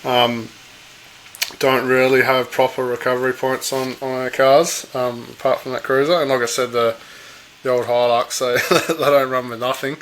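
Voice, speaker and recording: A man co-hosting a podcast, chatting in a relaxed, hesitant way with many pauses. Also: medium pitch, low-quality recording. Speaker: podcast co-host. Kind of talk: casual chat.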